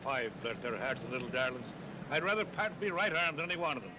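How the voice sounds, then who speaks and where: Male actor for a chatty father-of-five cabbie, rapid, hissy vintage sound. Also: medium pitch, expressive, natural voice. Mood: jovial. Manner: hearty, chuckling, quick. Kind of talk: 1930s film dialogue. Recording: old film soundtrack with loud hiss.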